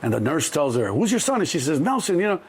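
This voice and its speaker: Man, 60s, Chicago accent, husky, slightly high voice; lively raconteur who re-enacts every character. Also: fast. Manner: animated storyteller, acts out quoted voices, many restarts. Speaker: interview guest. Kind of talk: casual storytelling interview.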